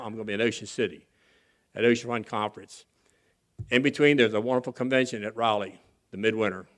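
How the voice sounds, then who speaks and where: A man's voice: medium pitch, a bit bright. A man speaking as guest at a recovery convention, telling his personal story in a folksy, candid and earnest way with some humor. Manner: acts out other people's voices when quoting them.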